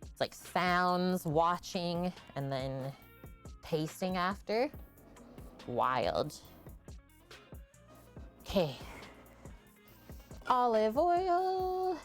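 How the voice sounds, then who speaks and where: A woman's voice: fairly low pitch, lively intonation, very slow, long pauses, a bit bright, soft background music. A woman hosting a live cooking stream in a home kitchen, chatting casually and explaining each step as she cooks.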